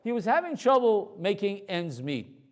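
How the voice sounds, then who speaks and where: High-voiced rabbi telling a story. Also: male voice, normal speed. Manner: animated, conversational, drops voice for the story. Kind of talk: storytelling Torah lecture. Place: room with a live audience.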